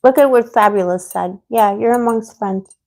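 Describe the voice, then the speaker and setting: Hosting a tarot live stream, a woman speaks at a normal pace in a slightly high, somewhat mellow voice. She answers viewers in a casual chat, rambling and getting worked up as she vents.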